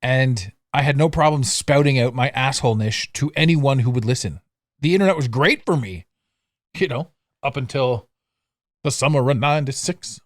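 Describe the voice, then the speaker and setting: A middle-aged man hosting a solo podcast, chatting casually and mocking himself, with sudden loud bursts and low asides. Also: normal speed, dry recording, clean studio sound. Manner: animated, swings between loud outbursts and low asides; self-mocking, laughs at himself. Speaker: podcast host. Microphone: studio mic, audio only.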